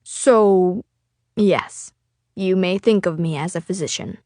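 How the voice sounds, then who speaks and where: Woman voicing a measured, formal warrior man for a storybook read, dry close sound. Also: on the low side, warm tone, dry recording. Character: stern male warrior, formal and gentle.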